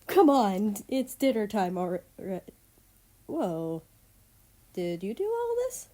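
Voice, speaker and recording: A woman's voice: medium pitch, normal speed, warm tone, lightly acted. A woman voicing a bubbly, teasing young girl in a read-aloud story. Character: bubbly teenage girl, cheerful and pushy.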